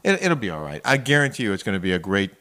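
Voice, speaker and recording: A man with a fairly low voice, co-hosting a relaxed daily podcast. He chats easily and laughs often. He slides into sponsor reads without changing his easy tone. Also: racing. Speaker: co-host. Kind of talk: casual podcast chat.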